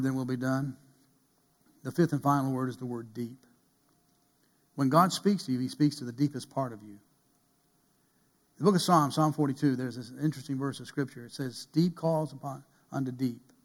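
Man, pastor preaching, slightly high voice, loud-to-hushed delivery, church pulpit. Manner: dynamic preaching, swinging from loud emphasis to hushed quiet. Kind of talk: sermon.

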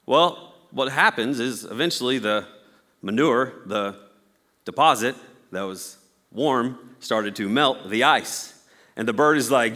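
A man's voice: medium pitch, animated, unhurried, pushed and bright, long reverb tail. A man preaching a sermon as a pastor, telling a story with playful acted-out voices.

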